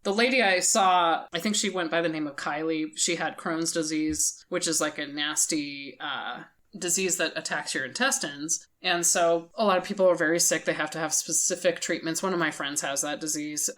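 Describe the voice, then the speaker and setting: A woman's voice: sits low, fairly even intonation, moderate pace, few pauses, a bit bright. A woman co-hosting a podcast in casual chat, blunt and indignant, swearing freely. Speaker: podcast co-host.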